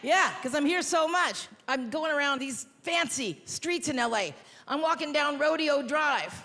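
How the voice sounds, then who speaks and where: A woman's voice: high voice, lively intonation, unhurried, a bit bright. A woman doing a stand-up comedy routine with a brash, self-mocking, punchy delivery. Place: large theater stage. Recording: live hall with crowd noise. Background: laughing, cheering audience.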